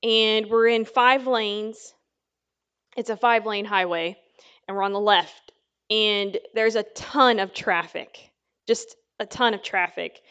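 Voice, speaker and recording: A woman's voice: mid-range voice, steady tone, slow, fairly bright tone, smooth, lo-fi sound. A woman teaching the Bible in a casual, conversational sermon, telling a story with lots of fillers. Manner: chatty storytelling with many fillers.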